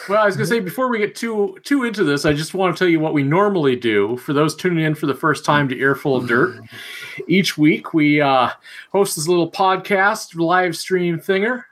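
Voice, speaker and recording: A man's voice: on the high side, normal speed, fairly bright tone. A man from Missouri hosting a podcast, chatting in a genial, self-deprecating way. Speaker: podcast host. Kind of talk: casual podcast chat.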